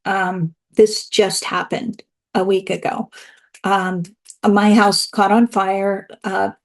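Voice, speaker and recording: A woman's voice: mid-range voice, darkish tone. A woman speaking candidly and emotionally over a video call, telling her own story as a speaker at an online event. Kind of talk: personal testimony.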